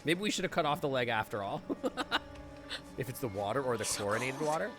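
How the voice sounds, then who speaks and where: A man's voice: mid-range voice, animated, a little fast. A man streaming a game live, chatting, laughing often and reacting on the fly. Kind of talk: live gameplay commentary.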